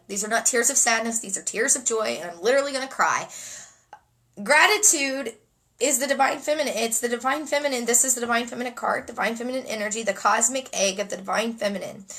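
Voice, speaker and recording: Bright-voiced woman reading spiritual cards. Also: on the high side, normal speed, long pauses, poor audio. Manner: dreamy, repeats phrases, emotional asides. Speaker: oracle card reader and energy healer. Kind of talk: spontaneous spiritual card reading.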